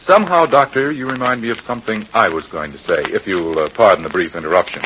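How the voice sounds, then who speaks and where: A male announcer reading a sponsor message in 1940s radio style, smooth and salesy. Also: fairly low pitch, fast, sharp tone. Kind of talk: 1940s radio advert read. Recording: lo-fi old radio with faint hiss.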